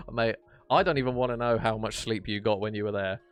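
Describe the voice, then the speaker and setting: A man casting an esports match on stream, chatty and jokey, chatting warmly with his viewers. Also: medium pitch, big pitch swings, normal speed, clean tone. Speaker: esports caster. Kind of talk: casual stream commentary reading chat.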